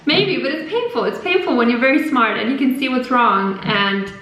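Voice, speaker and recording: Woman host, fairly high voice, rambling casual monologue, strong room echo. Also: normal speed. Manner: animated, rambling, filler-heavy. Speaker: podcast host. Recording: very echoey room.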